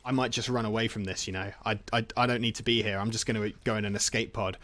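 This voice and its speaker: A man's voice: lowish voice, steady tone, quick pace, a bit bright, close to an everyday voice. A nervous young man caught trying to run off, voiced by a man. He sounds sheepish and awkward. It is a casual impression.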